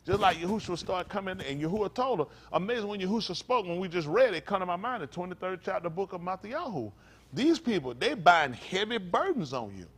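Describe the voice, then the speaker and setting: Folksy preaching man, fairly high voice. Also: sing-song, a bit bright. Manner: loose, folksy preaching with rhetorical questions to the congregation; stops to spell out Hebrew words slowly. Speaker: pastor. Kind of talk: conversational sermon.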